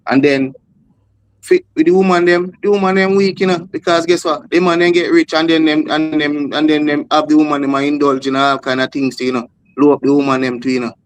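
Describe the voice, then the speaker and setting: A man's voice: on the high side, little pitch movement, brisk, smooth, no echo. A man with a Jamaican accent arguing on a discussion panel, repeating himself and calling others "brother". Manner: repetitive, insistent, keeps saying "brother". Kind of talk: heated panel debate.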